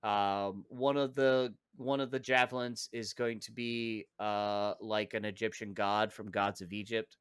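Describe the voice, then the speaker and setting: A man's voice: lowish voice, steady tone, unhurried, hardly any pauses, clean tone, no echo, clean studio sound. A man co-hosting a casual podcast, ranting and joking in a sarcastic, profane way. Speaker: podcast co-host.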